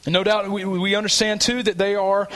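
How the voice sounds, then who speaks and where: High-voiced bright male preacher. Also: little pitch movement, fairly quick. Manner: earnest, explanatory, with frequent restarts. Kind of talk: sermon.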